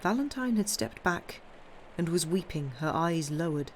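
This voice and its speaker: A woman's voice: on the low side, a little hiss or hum. Woman reading a classic novel aloud. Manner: measured, steady narration. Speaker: reader. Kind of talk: live-streamed audiobook reading.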